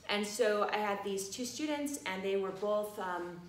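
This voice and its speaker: Animated woman telling a story, echoey room. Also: mid-range voice, measured pace, slight background noise. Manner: animated, laughing, many fillers like "you know". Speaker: massage college teacher. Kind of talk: casual storytelling talk.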